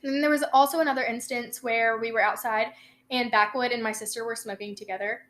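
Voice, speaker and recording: Young woman co-host, high voice, lively profane storyteller who acts out quotes. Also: fast talker. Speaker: podcast co-host. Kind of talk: casual storytelling chat.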